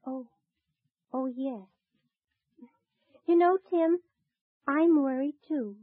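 A kind young lady speaks gently and in a motherly way in a high voice. It is 1940s radio acting on a tinny, phone-like, dry old transcription. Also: drawn-out words, no room sound. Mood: worried. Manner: gentle, motherly, soft laughs.

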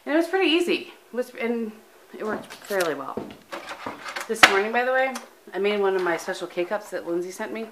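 Recorded on a camera mic with heavy background noise, a middle-aged US woman talks briskly at medium pitch with big pitch swings. She's tired and sleepy, chatting and rambling in her home vlog with frequent ums.

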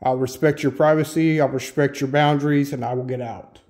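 Speaking fairly quickly in a steady, medium-pitched, darkish voice, a man investigates an old schoolhouse for his solo paranormal vlog, casually calling out to any spirits. The recording carries the echo of the room.

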